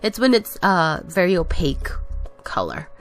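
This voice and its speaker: A woman with a somewhat low voice talks through her steps in a loose, rambling, self-correcting way, sounding a little out of breath. Her voice-over sits over faint background music. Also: huge pitch swings, moderate pace. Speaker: nail tutorial vlogger. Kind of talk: casual voice-over narration of a tutorial.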